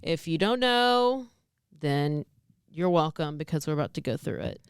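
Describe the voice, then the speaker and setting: Chatty woman, smooth dry voice. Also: low voice, animated, moderate pace, no echo. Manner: chatty storyteller, acts out quoted lines. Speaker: podcast co-host. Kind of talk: casual true-crime podcast chat.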